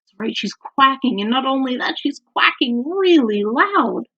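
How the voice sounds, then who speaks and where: A woman's voice: high-pitched, husky. A woman teacher reading a picture book aloud to young children at home, stopping to ask them questions. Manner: slow, animated, asks the children questions. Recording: dull lo-fi recording.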